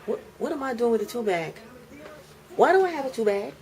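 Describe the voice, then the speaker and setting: A woman's voice: fairly high pitch, lively intonation, brisk, background noise. A woman angrily venting on camera in her apartment, repeating herself with heated indignation. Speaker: vlogger. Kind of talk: angry home vlog rant. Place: apartment indoors.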